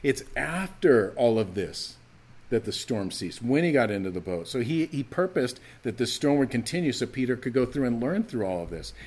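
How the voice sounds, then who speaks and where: A man preaching a sermon to his church, animated and emphatic, acting out the scripture's voices as he teaches. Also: medium pitch, moderate pace. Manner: animated, acts out quoted lines, rising to emphatic calls. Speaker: pastor.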